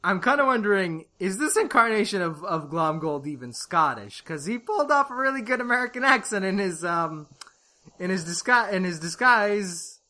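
Brief: upbeat male co-host, bright tone, a touch higher pitch, laughs a lot while chatting. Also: moderate pace. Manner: animated, laughs often, restarts words. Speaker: podcast co-host. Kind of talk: casual review chat.

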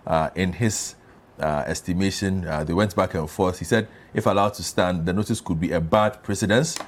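A man's voice: deep voice, normal speed. A man hosting a political panel, pressing guests with pointed questions. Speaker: talk show host.

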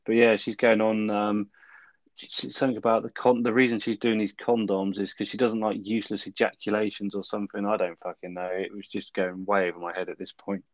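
Laid-back low-voiced man. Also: little pitch movement, a little fast, no room sound, muffled recording. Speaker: podcast co-host. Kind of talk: casual film review chat.

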